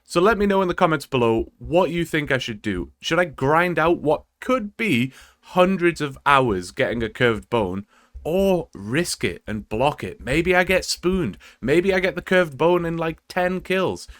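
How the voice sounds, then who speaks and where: A man's voice: on the high side, lively intonation, measured pace, fairly bright tone, dry recording. A man giving casual, wry gameplay commentary as a gaming video creator, explaining the rules of his game run step by step.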